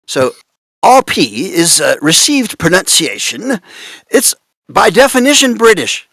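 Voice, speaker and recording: Animated man laughing through a panel talk. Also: high voice, slow pace, no room sound, studio quality. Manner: animated, amused, laughs often. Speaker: panelist on voice acting.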